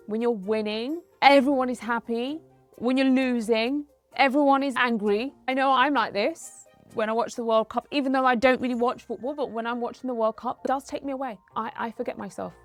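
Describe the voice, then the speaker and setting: A woman's voice: a little high, vocal fry. A woman in her thirties, a doctor hosting an educational talk, explaining in a conversational way with personal anecdotes. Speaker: doctor and host.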